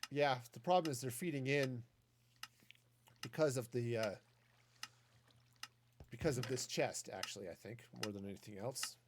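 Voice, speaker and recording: A man's voice: medium pitch, normal speed, pauses often, slight background noise. A man streaming a game, chatting casually and thinking aloud with many restarts. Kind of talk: casual commentary while gaming.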